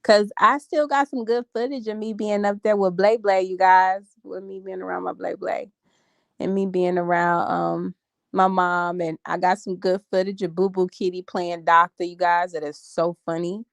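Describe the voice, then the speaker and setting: A woman's voice: lowish voice, flat delivery, moderate pace, gravelly, dry recording. A tired woman in her thirties chatting casually to viewers on a phone livestream, calling them y'all and honey. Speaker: vlogger.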